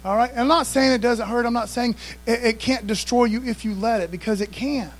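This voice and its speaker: A man's voice: very high-pitched, a little fast, poor audio. A man preaching a sermon in a conversational style, often calling out to the congregation for responses. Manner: conversational preaching, frequent call-outs to the congregation. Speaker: pastor.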